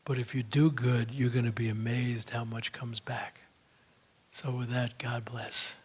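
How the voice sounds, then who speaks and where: A man's voice: medium pitch, little pitch movement, a little slow, breathy edge. Older man, folksy storyteller, chatty Q&A speaker. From United States. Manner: folksy, chatty, fillers like "you know". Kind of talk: storytelling talk and Q&A answers.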